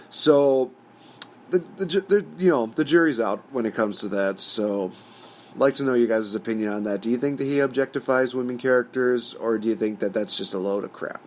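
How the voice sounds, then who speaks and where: A man's voice: fairly low pitch, brisk, darkish tone, slight background noise. A man hosting his own channel, giving a casual, rambling opinion rant full of "you know" fillers. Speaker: host.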